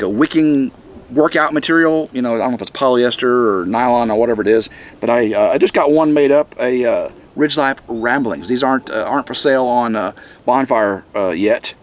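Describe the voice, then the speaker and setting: A middle-aged man, talking to the camera outdoors in the wind in a halting, rambling way, a little chest-congested. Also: mid-range voice. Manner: rambling, halting, many restarts. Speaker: vlog host. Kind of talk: casual rambling vlog.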